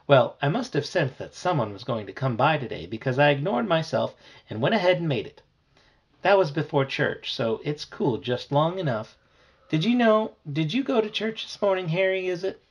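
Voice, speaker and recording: A man reading aloud and voicing a polite, gentle grandmotherly retired teacher with a husky voice. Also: on the high side, muffled recording, heavily acted. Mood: fussing, hospitable. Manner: gentle, fussy, hospitable.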